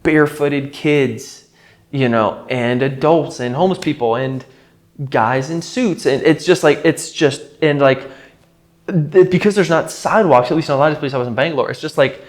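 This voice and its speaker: A man's voice: fairly high pitch, moderate pace. A man talking casually to camera in a vlog, rambling and leaning heavily on filler words. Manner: rambling, heavy use of filler "like". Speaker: vlogger. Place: rented house.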